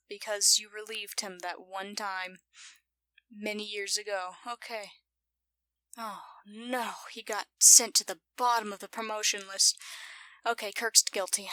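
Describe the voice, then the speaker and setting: A woman's voice: on the high side, sharp tone, no room sound. A woman with an accent giving casual reaction commentary to a TV episode, playfully giggling and talking back to the screen. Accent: non-standard English accent. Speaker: video reactor.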